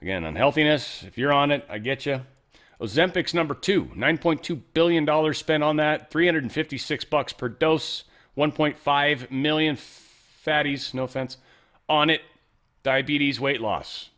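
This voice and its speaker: A man's voice: a little high, unhurried, a bit bright. A man hosting a show, giving casual political commentary in a blunt, rambling way with frequent profanity. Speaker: show host.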